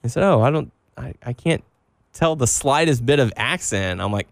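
A man's voice: mid-range voice, animated, normal speed, creaky, no room sound, studio quality. A man from Texas co-hosting a casual podcast, joking and rambling about wrestling and games. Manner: joking, does exaggerated Southern voices. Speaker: podcast co-host.

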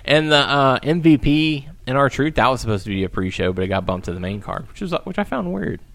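A man chatting casually as a podcast co-host, animated and acting out what others said. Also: medium pitch, brisk, creaky. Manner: animated, acts out quotes in put-on voices. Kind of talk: casual chat about wrestling.

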